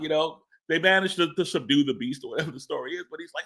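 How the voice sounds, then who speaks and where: A comic book writer, appearing as a guest in a casual interview, talks in a rapid-fire, somewhat high voice with a bright, forceful tone. He rambles and stammers, repeating words and laughing along the way.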